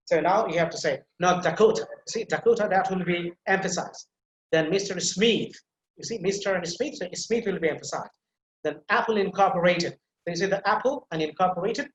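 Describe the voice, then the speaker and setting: A man's voice: sits high, fairly quick, fairly bright tone. Male instructor, patient step-by-step explainer, roomy echoey sound. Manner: explains step by step, repeats key points, many fillers. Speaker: teacher. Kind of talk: online pronunciation lecture.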